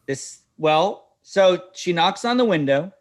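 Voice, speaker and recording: Animated dad telling a story. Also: male voice, high voice, takes it slowly. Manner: animated storyteller acting out dialogue. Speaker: podcast host. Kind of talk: casual storytelling chat.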